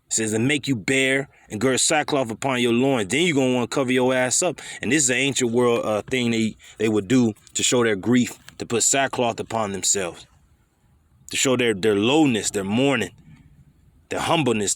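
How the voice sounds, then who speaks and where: Male preacher, mid-pitched, dry close sound; confrontational, profane, slangy scripture sermon. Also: moderate pace, no room sound.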